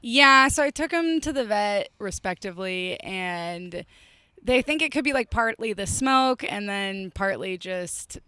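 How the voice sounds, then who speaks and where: A woman's voice: medium pitch, animated, measured pace, sharp tone, smooth, dry recording. A woman comedian, a guest on a podcast, telling stories in casual chat, rambling and saying "like" a lot. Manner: rambling storyteller, heavy use of "like".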